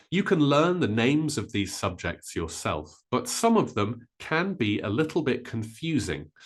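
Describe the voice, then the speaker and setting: A man teaching a vocabulary lesson, modelling each word slowly and carefully. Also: on the low side. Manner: slow, careful, with drawn-out model words. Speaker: English teacher.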